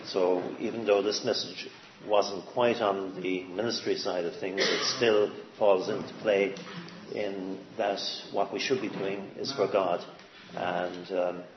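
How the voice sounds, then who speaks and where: A man giving an informal sermon, halting, with many fillers and restarts as he speaks. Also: low voice, steady tone, roomy sound, noisy background. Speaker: lay preacher. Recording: dull lo-fi sound with faint ambience.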